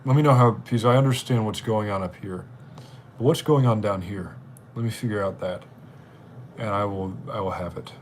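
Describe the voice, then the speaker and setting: Casual male streamer, mid-pitched and rambling, with a faint hiss in the background. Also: moderate pace, a little mellow. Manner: rambling, chatty. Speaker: livestream host. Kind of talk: casual live-stream chat.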